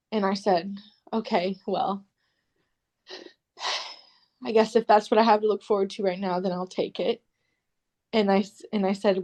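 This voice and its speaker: A young woman shares a hard personal story on a podcast, quoting the people around her as she goes. Her voice sits at a middle pitch for a woman. She hesitates often, with many fillers and restarts. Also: darkish tone. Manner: emotional retelling, quoting others in dialogue. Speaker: podcast guest.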